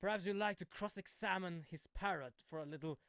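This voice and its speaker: A man voicing an arrogant older prosecutor in a courtroom game, speaking in a slow, condescending drawl. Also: high voice, a bit bright, clear, resonant tone, dry recording, studio quality. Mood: sneering. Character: arrogant older male prosecutor, cold and sneering.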